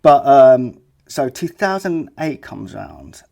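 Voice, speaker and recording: A man's voice: mid-range voice, sing-song, slow pace, gravelly, mellow, highs cut off. A middle-aged man with a London accent, a podcast guest chatting loosely and acting out the people in his stories. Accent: London English. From England. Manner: chatty, rambling, full of "like" and "you know what I mean". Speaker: guest, skateboard filmmaker. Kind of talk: casual podcast storytelling.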